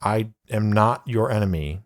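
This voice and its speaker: A man's voice: fairly low pitch, measured pace, dry recording, natural voice. A man voicing a young male herald who speaks in a nervous, earnest way. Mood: wary.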